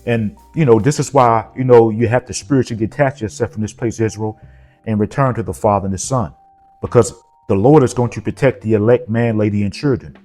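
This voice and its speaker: A man's voice: lowish voice, fairly quick, darkish tone, soft background music. A man gives an informal sermon and reads scripture, peppering his talk with "okay?" and "you know". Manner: repetitive, punctuated with frequent "okay?" and "you know". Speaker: preacher.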